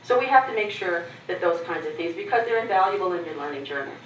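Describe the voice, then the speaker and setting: A woman's voice: fairly low pitch, lively intonation, quick pace, slight background noise. A middle-aged woman from Canada giving a keynote address, telling personal stories with candor and humor and acting out other people's lines. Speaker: keynote speaker. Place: conference hall. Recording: echoey hall, mic from a distance.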